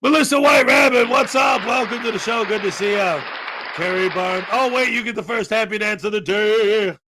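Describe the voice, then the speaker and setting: A man hosting a casual live stream, chatting loosely and greeting viewers, with rambling asides and sudden loud bursts of excitement. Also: sits high, normal speed, crowd noise. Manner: chatty and rambling, many fillers.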